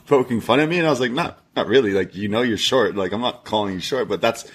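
A man's voice: lowish voice, fast, a bit bright, a little hiss or hum. A man co-hosting a podcast, telling a long story in casual chat, swearing often and laughing at himself. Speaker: podcast co-host.

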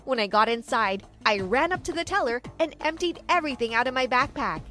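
A young woman narrates her own story with dramatic storytelling. Her voice sits high, and faint music plays beneath her. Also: lively intonation, fairly quick, hardly any pauses, pushed and bright. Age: young adult. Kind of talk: scripted first-person story narration.

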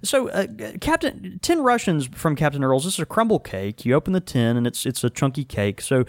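Chatty male podcast host, lively pitch. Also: a little fast, dry recording, studio quality. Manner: rambling, full of fillers, laughing easily. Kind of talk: casual chat.

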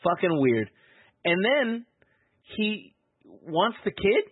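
A man co-hosting a casual podcast, bantering about a movie in a chatty, jokey way. His voice sits high and husky. The sound is dry and thin, like it came over a phone. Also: very animated, takes it slowly. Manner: chatty, jokey, trails off mid-thought. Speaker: podcast co-host. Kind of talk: casual movie recap chat. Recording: tinny dry phone-like audio.

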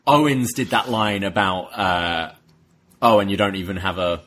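A man with a husky voice co-hosting a podcast, chatting casually in a dry, matter-of-fact way. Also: low voice, moderate pace, fairly bright tone. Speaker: podcast co-host. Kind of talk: casual wrestling recap chat.

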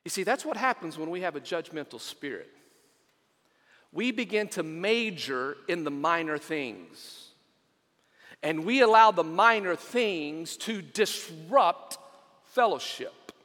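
A man preaching a sermon in a chatty, storytelling way, with frequent ums and uhs. His voice sits notably high, and the long reverb of a big church hall trails after each phrase. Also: lively intonation, slow pace, bright, forceful tone. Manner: conversational, storytelling, many fillers. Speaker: senior pastor.

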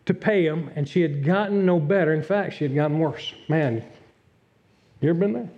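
A middle-aged man preaching a sermon as pastor, earnest, dropping to a hush and rising again. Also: fairly high pitch, normal speed. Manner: earnest, swings from loud to hushed. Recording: dull lo-fi sound.

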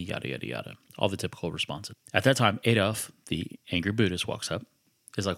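A man's voice: sits low, fast talker, a bit bright, no room sound, studio quality. A man hosting a podcast, telling a personal story in a conversational, reflective way with frequent restarts. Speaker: podcast host.

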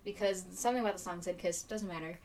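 A woman's voice: medium pitch, fast talker, a little mellow, rough recording. A young woman co-hosting a podcast in casual chat, recounting stories in a chatty way with lots of filler words. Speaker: podcast co-host.

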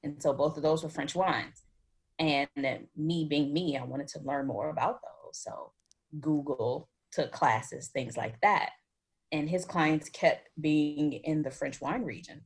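A woman from the United States talks as a wine expert guest in an interview, chatty and animated, wandering off on tangents. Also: low-pitched, unhurried, breathy edge. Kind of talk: conversational interview answers.

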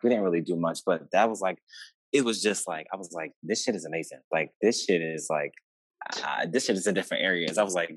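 A man guest on a podcast, telling a personal story in a relaxed, hesitant way. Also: deep voice, husky, no echo, low-quality recording. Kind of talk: casual chat.

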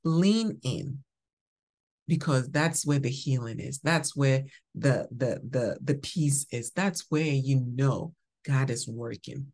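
A woman hosting a faith podcast delivers a scripture teaching with a low, deep-set voice. She takes her time and leans hard on single words to drive each point home. Her unhurried pace gives it the feel of a sermon. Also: a little mellow. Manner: slow, emphatic, preacherly, stresses single words. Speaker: podcast host.

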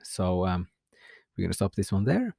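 A man teaching a language lesson, modelling example sentences slowly and clearly. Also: deep voice, big pitch swings, mellow, no echo, clean studio sound.

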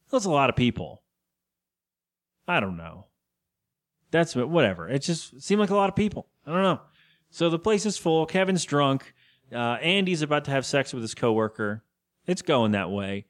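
A young podcast co-host with a mid-range voice and lively intonation speaks at a moderate pace, pausing often. In a casual chat, he rambles through a recap of a TV episode, acting out the characters' lines in put-on voices.

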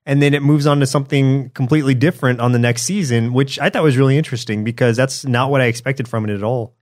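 Male podcast co-host, easygoing explainer, middle pitch, conversational. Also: fairly even intonation, darkish tone. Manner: easygoing, explains plot details, quick asides. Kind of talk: casual chat.

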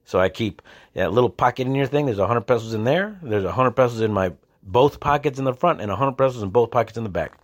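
A man's voice: medium pitch, lively intonation, fast. A man hosting a podcast, telling stories in a casual, rambling way with many restarts. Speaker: podcast host. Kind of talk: casual storytelling monologue.

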